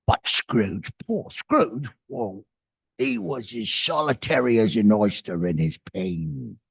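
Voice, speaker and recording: An older man giving an animated inspirational talk, mixing jokes and stories. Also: medium pitch, slow pace, creaky, slightly rough, dry recording. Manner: animated storyteller, jokes and acted quotes. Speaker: speaker.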